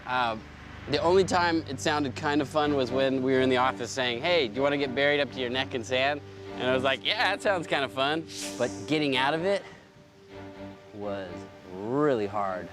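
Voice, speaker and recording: Casual man, self-mocking, mid-range pitch, music bed behind. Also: moderate pace. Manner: easygoing and self-mocking, with hesitant "uh" fillers. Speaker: show team member. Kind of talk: casual on-location chat. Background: background music.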